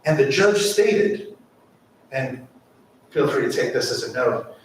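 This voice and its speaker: A man's voice: mid-range voice, expressive, slow pace, a little hiss or hum. A man giving an impassioned public comment at a city council meeting, asking rhetorical questions. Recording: echoey council chamber mic from far off.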